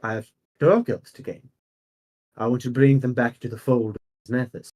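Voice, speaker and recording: Male GM voicing a self-assured fanatical priestess, husky. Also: medium pitch, fairly even intonation, normal speed, darkish tone, close to an everyday voice. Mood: cold. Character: zealous priestess of a dark church.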